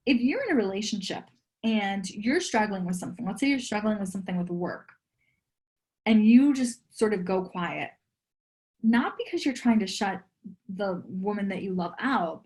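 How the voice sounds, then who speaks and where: A woman's voice: mid-range voice, lively intonation, normal speed, a little mellow. A woman in her thirties, a relationship coach as a podcast guest, talking in a chatty, earnest way with lots of "like". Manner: chatty, earnest, peppers speech with "like". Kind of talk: casual podcast interview.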